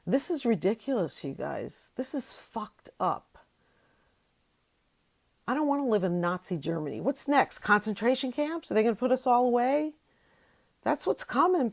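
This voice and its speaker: Gravelly older woman ranting angrily. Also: on the low side. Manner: heated, profane, swings from loud outbursts to tired mutters. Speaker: YouTube ranter. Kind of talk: solo angry political rant.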